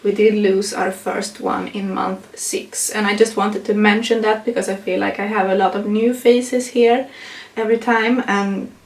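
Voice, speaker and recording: A woman's voice: medium pitch, little pitch movement, normal speed, echoey room, far from the mic. A young woman, a non-native English speaker, chatting casually in a pregnancy update vlog, with frequent laughs and fillers. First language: not English. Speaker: vlogger.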